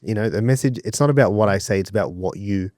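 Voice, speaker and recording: A man with a fairly low voice co-hosts a podcast in loose, casual chat. He talks in an animated way, swears freely and acts out the people he quotes. The sound is close and dry, with no room around it. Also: fast talker, no room sound. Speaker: podcast co-host.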